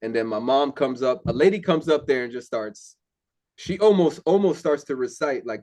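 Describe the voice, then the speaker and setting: A man's voice: medium pitch, animated, fairly quick, darkish tone. A young man telling his faith story in casual talk, candid and earnest, with many fillers. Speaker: interview guest. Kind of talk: casual testimony.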